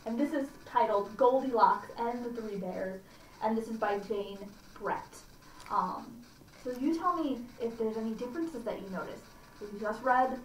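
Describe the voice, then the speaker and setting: A woman librarian reading a fairy tale aloud and chatting gently to children about it. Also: a little high, recorded from a distance, a little hiss or hum. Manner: gentle, explaining, asks listeners to compare. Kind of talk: storytime reading and chat to children. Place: library room. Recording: echoey room, mic from afar.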